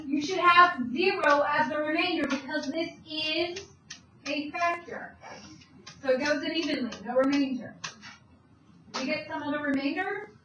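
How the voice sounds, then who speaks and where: Woman math teacher, high pitch, questioning students, echoey classroom, distant mic, faint background hum. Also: pushed and bright. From Italian heritage. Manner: brisk, talks students through steps with questions. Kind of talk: classroom lecture.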